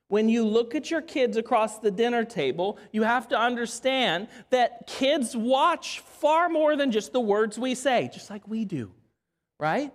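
An earnest pastor in the middle of a sermon. The preacher speaks straight to the congregation as friends, repeating important lines and slowing down to let them land. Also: medium pitch. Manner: earnest, repeats key phrases and slows down for emphasis; addresses the audience as friends.

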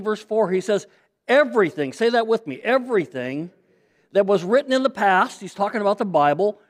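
High-voiced man preaching emphatically. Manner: emphatic preaching, repeats phrases, asks audience to respond. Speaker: pastor. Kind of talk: sermon.

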